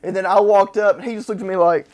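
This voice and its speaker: A man, a podcast host, telling a long story casually and acting out the quotes with sudden shouts. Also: high voice, fast. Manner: animated, acts out quotes with loud shouts.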